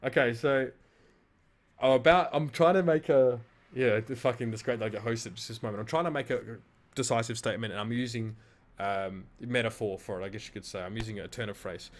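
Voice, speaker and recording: A man's voice: mid-range voice, fairly quick. A man with an Australian accent, an esports caster casually reviewing his own casting, frank, swearing freely and mocking himself.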